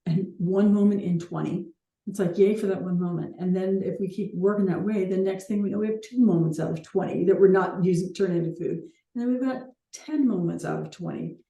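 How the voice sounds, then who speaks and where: Warm, low-voiced woman coaching in an echoey room. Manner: earnest, laughs lightly now and then. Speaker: wellness coach hosting a challenge call. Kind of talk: reflective coaching talk.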